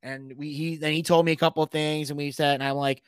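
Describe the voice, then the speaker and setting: A man casually telling a story, animated, swearing freely and shouting out the lines he quotes. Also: on the high side, quick pace, clean tone, no echo. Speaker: podcast guest telling a story.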